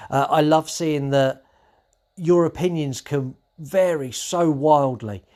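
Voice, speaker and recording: A man's voice: mid-range voice, darkish tone. A man hosting a horror podcast, talking casually and rambling with many fillers. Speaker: podcast host.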